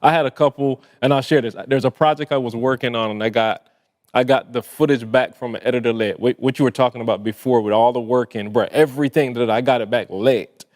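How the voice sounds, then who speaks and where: A man's voice: mid-range voice, a little fast, darkish tone. Earnest man talking in a hall. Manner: earnest, laughs easily. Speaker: podcast co-host. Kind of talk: casual conversation.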